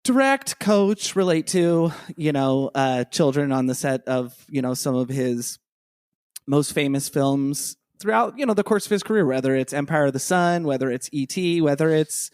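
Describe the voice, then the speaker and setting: A man co-hosting a podcast, enthusiastic and rambling, with a fairly high voice. He loops through his thoughts with many fillers. The sound is dry and close. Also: expressive, normal speed, darkish tone, clean tone, no echo. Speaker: podcast co-host. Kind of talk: casual podcast chat.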